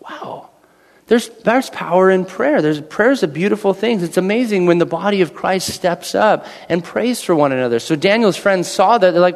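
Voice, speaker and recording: A man's voice: high-pitched, lively intonation, normal speed. A man in his thirties preaching a sermon in a church, talking conversationally, repeating phrases and acting out quoted voices. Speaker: pastor. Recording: long hall reverb.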